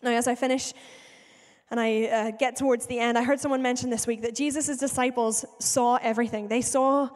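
A woman's voice: on the high side, fairly even intonation, fairly quick, a little mellow. A woman preaching a sermon in an earnest way, often repeating phrases for emphasis. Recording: long hall reverb.

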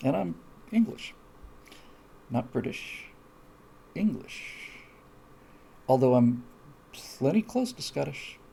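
A man chats casually through viewer comments on his stream, wry and digressive, often breaking off mid-thought. His voice is gravelly with a dark, mellow tone. He sits at a middle pitch for a man. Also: very animated, takes it slowly, pauses often, a little hiss or hum. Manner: wry, digressive, self-interrupting. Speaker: live-stream host reading viewer comments. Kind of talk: casual rambling chat.

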